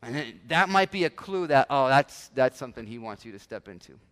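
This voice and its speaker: Candid pastor preaching in a reverberant hall. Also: male voice, mid-range voice, expressive, a little fast, a bit bright, smooth. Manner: conversational, candid, with many restarts and acted asides. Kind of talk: sermon. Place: church sanctuary. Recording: church hall with long reverb.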